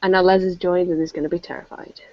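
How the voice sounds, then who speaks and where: An English woman chatting on a video call, self-mocking and quick to laugh. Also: fairly low pitch, fairly even intonation. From England. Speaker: show regular. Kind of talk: casual chat on a video call. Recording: dull lo-fi call audio.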